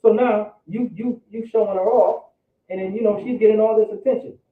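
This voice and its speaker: A man's voice: high voice, fairly even intonation, a little fast, phone-quality sound. Man, Bible teacher, slangy preaching, repeats himself; distant, echoey, phone-thin audio.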